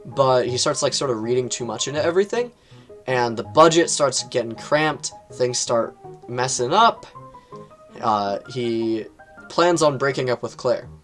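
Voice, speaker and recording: A man casually reviewing books on his channel, rambling, with lots of fillers and quick jumps in pitch. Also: a bit bright, soft background music. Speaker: book reviewer.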